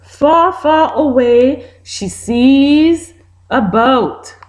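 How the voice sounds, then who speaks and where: A woman teacher, with Haitian Creole as her first language, reads a children's storybook aloud at a slow, careful pace. Her high voice rises and falls a great deal as she stops to quiz the young listeners. She sounds animated the whole way through. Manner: animated, asks the children questions.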